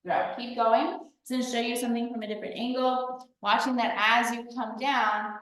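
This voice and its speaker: A woman's voice: a little high, little pitch movement, moderate pace, a bit bright, very echoey, distant mic, rough recording. A woman fitness coach leading a workout, cueing breaths as she demonstrates the moves, a little out of breath. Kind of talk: workout instruction.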